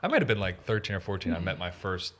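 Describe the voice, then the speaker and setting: A man's voice: low-pitched, fast. A man from the east coast of the US co-hosting a podcast, telling stories with lots of "like". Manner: animated storytelling, lots of "like". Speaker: podcast co-host. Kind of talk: casual chat.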